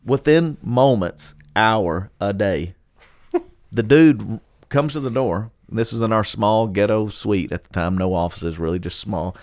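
A man, a pastor telling stories in casual talk, animated and quick to laugh as he acts out what people said. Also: on the low side, no echo. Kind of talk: casual podcast storytelling.

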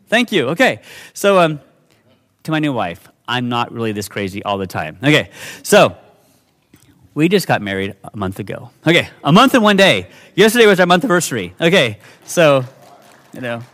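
A male pastor giving a sermon with a lively, swinging pitch. He talks casually to his congregation and breaks into high, whiny voices to act out the dialogue.

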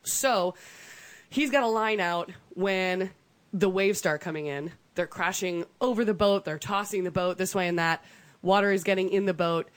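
A woman's voice: medium pitch, moderate pace. A woman co-hosting a podcast, telling a survival story in a chatty, laughing way. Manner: chatty, laughs often, lots of ums and likes. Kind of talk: casual storytelling chat.

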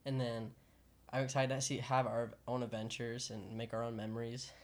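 A man's voice: medium pitch, level tone. Easygoing, earnest young man. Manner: easygoing, earnest, halting restarts. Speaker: guest. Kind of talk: casual chat.

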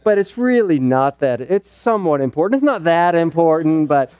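A man's voice: on the high side, very animated, normal speed, clear, resonant tone, no room sound, muffled recording. A middle-aged man teaching at a church parenting night, earnest and conversational with playful asides. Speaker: pastor speaking at a parenting night.

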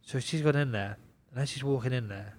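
A young man, a pro boxer guesting on a podcast, telling a story in an animated, repetitive way, swearing constantly and laughing often. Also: medium pitch, brisk. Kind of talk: casual storytelling chat.

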